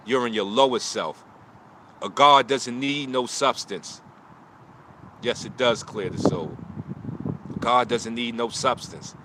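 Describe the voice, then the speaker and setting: Taking it slowly with long pauses, a martial arts teacher speaks animatedly in a mid-range, sharp-toned voice. He's streaming live outdoors on a phone, giving an emotional talk on loss and motivation in short, preaching lines, with slight background noise.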